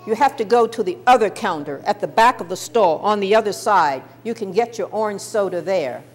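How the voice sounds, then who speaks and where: A woman's voice: medium pitch, a little fast, lightly acted. A woman playing a firm counter waitress. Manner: firm, flat refusal. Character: stern lunch-counter waitress, firm then gentle.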